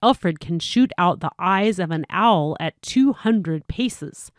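A woman's voice: on the low side, expressive, slow, dry recording, clean studio sound. A woman voicing an eager young boy, a knight's son, in old-fashioned speech, in a storybook reading.

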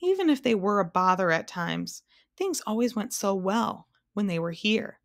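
A woman's voice: medium pitch, expressive, moderate pace, vocal fry. A woman doing a gloomy, blustering storybook king. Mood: regal. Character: sad, blustering middle-aged king.

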